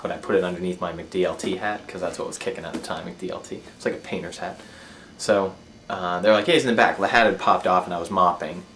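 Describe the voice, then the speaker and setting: Fast-talking deep-voiced man rambling. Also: a bit bright, slight background noise. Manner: rambling, profane, laughs at himself. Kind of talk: casual personal storytelling.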